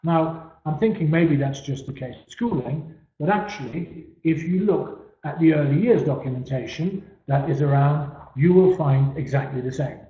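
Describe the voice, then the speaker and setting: A man's voice: on the high side, moderate pace, hardly any pauses. A man giving a webinar presentation, stressing key words and letting phrase ends trail off, often repeating words as he restarts. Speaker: webinar speaker. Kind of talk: presentation talk. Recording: echoey, dull-sounding room recording.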